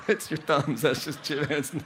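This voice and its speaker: A man's voice: fairly high pitch, slow pace, noisy background. A man in his forties from Ohio, giving a motivational keynote speech to a large convention audience, telling stories with lots of energy and speaking directly to the crowd. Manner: energetic, storytelling, audience-engaging. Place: large convention hall stage.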